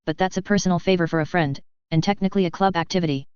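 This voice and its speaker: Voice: medium pitch, fairly even intonation, rapid-fire, darkish tone, clear, resonant tone, no echo, lo-fi sound, close to an everyday voice. A narrator voicing a modest young male student who cooks, speaking wryly and with understatement. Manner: wry, understated.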